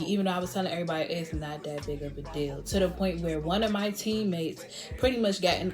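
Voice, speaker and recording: A young woman vlogger telling a storytime with animated delivery, laughing often and acting out what others said. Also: lowish voice. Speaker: beauty vlogger. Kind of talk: storytime vlog.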